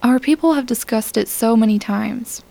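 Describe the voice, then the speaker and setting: A woman reading the part of a weary young alien woman from a dying race, speaking quietly and formally in an audiobook. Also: fairly high pitch, moderate pace, vocal fry. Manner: quiet, resigned, formal speech.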